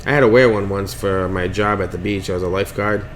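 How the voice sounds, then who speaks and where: A man's voice: sits low, fairly even intonation, fast talker, slight background noise. A man hosting a casual podcast chat, joking around and telling a tall tale with quoted voices. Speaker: podcast host.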